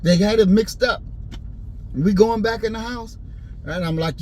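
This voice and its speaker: A man delivering an impassioned, preachy rant and story, repeating his points and rising into shouts. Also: high-pitched, a little slow, long pauses, a little hiss or hum, rough recording. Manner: preachy, repetitive, swings into shouting.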